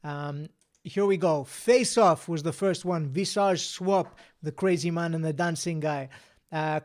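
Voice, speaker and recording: A man's voice: on the high side, moderate pace, a little mellow. A man hosting a casual live-stream quiz, chatting, reading out answers and scores, and laughing often. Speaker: quiz host.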